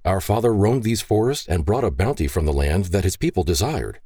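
Male narrator as a grave uncle recounting the past, deep voice. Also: sing-song, fairly quick, mellow, dry recording, clean studio sound, full character voice.

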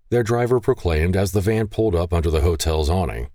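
A man narrating a romance novel in an expressive storytelling manner. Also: sits low, a little fast, no echo, clean studio sound. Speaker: audiobook narrator. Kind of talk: scripted narration.

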